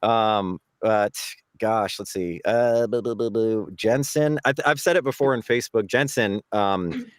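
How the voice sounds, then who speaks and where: A man's voice: on the low side, measured pace, no echo, clean studio sound. A man voice actor answering panel questions, rambling and restarting often as he searches for words. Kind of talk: convention panel Q&A.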